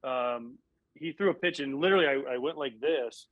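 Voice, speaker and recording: A man, a former baseball catcher and broadcast analyst, telling animated stories from his playing days in a casual interview, often acting out what people said. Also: mid-range voice, normal speed, no echo, highs cut off. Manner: animated, acts out quotes.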